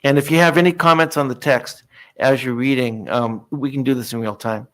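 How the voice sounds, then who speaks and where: A man of middle pitch leads a technical meeting from a conference room microphone. He talks in an easy, polite way, with plenty of fillers and restarts as he works through his material. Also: steady tone, fairly quick, fairly bright tone. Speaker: working group presenter.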